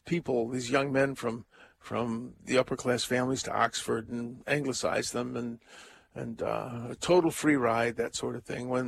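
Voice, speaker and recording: A man preaching a conversational homily as a priest, thinking aloud with frequent pauses, ums and restarts. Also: mid-range voice, creaky, slight background noise.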